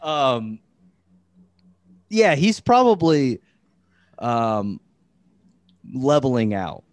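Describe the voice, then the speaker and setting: A man's voice: medium pitch, very animated, drawn-out words, dry recording. A man hosting a podcast in casual chat, rambling and profane, with lots of fillers. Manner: rambling, full of "like" and restarts, profane. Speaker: podcast host.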